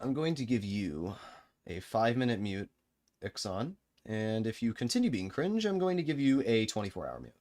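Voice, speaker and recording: A man's voice: on the low side, big pitch swings, moderate pace, darkish tone. A young man streaming a tank game live, giving sarcastic, exasperated commentary to his chat. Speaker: gaming streamer.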